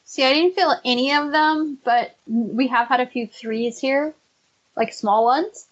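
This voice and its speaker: A woman with a higher voice, co-hosting a casual podcast chat in an earnest, slightly anxious way. The audio is dull and lo-fi. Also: unhurried. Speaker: podcast co-host.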